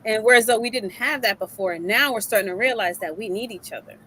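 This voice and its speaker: Animated laughing woman co-host. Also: fairly high pitch, fast talker, slight background noise, rough recording. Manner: animated, laughs often, emotional. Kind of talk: casual talk show chat.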